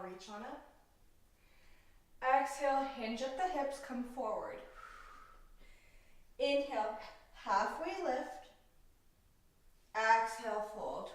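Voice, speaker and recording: A woman leading a vinyasa yoga class, calmly cueing breaths and poses with a playful aside now and then. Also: fairly high pitch, recorded from a distance. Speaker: yoga instructor. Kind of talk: guided yoga class instruction. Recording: roomy echo, voice from off mic.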